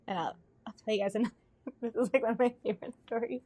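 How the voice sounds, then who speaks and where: A woman, a podcast guest, telling personal stories in conversation, animated and laughing often. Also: on the high side, fast talker. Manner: animated storyteller, laughs often, acts out quoted voices. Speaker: podcast guest, intuitive guide. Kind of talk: storytelling in conversation.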